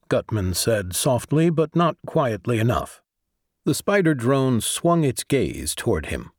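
A man narrating a science fiction audiobook in an even storytelling delivery. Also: medium pitch, moderate pace, no room sound, studio quality. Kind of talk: scripted narration.

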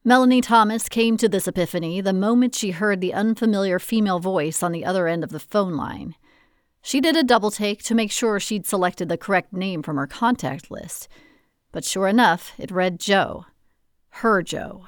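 A woman with a mid-range voice narrates a novel as an audiobook, telling the story in an expressive, measured way. The recording is dry and has clean studio sound.

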